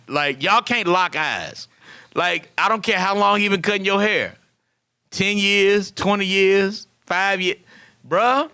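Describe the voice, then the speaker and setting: A man in his thirties hosting a comedic podcast monologue, acting out quoted dialogue in an animated way. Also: fairly high pitch, no echo. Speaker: podcast host.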